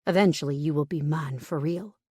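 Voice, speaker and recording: A woman narrator voicing a protective, teasing grown man in an audiobook, speaking low and quietly insistent. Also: fairly quick, breathy edge, no echo, studio quality.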